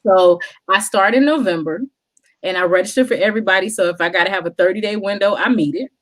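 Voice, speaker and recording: A woman's voice: medium pitch, fast talker, fairly bright tone. A woman from South Carolina, a guest telling stories in a casual chat and laughing often.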